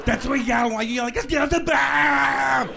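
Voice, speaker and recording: A comedian doing an exaggerated impression of a shouting, muscle-bound action star. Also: male voice, extremely high pitch, normal speed, creaky, pitched above the performer's own voice, full character voice. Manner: heavy accent, shouting, exaggerated. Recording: live club, loud crowd and noise.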